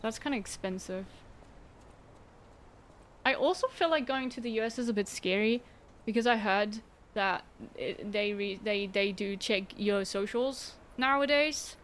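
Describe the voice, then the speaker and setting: A woman's voice: medium pitch, a little slow, slight background noise. A young woman streaming a game, chatting casually with her viewers in a sarcastic, giggly way. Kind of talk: casual gameplay livestream chat.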